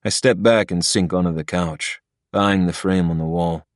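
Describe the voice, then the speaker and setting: A man narrating a dark romance audiobook in the first person, with a gruff, brooding and profane delivery. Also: low-pitched, steady tone, normal speed, no echo, clean studio sound.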